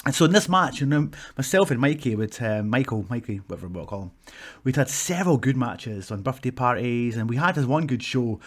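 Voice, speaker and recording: Animated Scottish man telling ring stories. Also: medium pitch, brisk. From Scotland. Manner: animated, swears freely, acts out shouts from the ring. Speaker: pro wrestler telling stories. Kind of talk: casual storytelling to camera.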